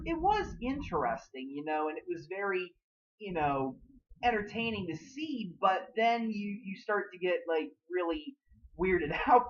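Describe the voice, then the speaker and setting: A man's voice: a little high, fairly bright tone, dull audio. A man giving a casual spoken review of a TV episode. He rambles and leans hard on fillers like "you know" and "like". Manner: acts out characters' lines in quick bursts.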